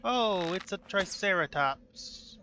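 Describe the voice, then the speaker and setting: A man's voice: high voice, animated, takes it slowly, very noisy. Goofy, chatty young gamer man. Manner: goofy, chatty, talks to the game characters. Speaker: let's play gamer. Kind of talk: casual gameplay commentary.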